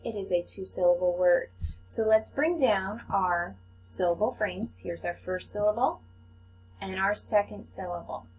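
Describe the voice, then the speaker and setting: Slow, patient woman teaching phonics. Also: medium pitch, a little mellow, slight background noise, poor audio. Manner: slow, patient, clearly enunciated teacher talk. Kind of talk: phonics lesson for children.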